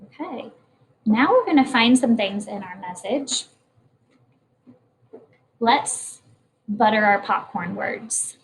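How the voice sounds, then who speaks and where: A woman's voice: a little high, animated, takes it slowly, long pauses, slight background noise, poor audio. Patient woman teacher talking to young children. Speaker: kindergarten teacher. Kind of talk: recorded classroom morning message lesson.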